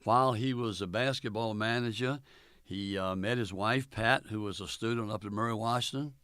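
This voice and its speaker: An older man, a former college basketball coach, telling stories in an oral history interview in a folksy, unhurried way with many fillers, acting out the dialogue. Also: on the low side, a bit bright, clean tone, dry recording.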